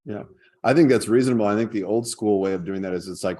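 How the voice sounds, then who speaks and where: A very deep-voiced man hosts a podcast in relaxed conversation. He talks easily and drifts into stories from his own life. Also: fast. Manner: storytelling, easy and chatty. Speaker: podcast host. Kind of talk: casual chat.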